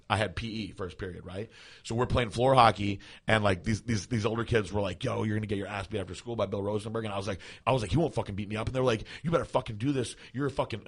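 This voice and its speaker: Animated, swearing man telling a story. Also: on the low side. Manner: animated, profane, laughing storyteller. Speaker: podcast co-host. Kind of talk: casual storytelling.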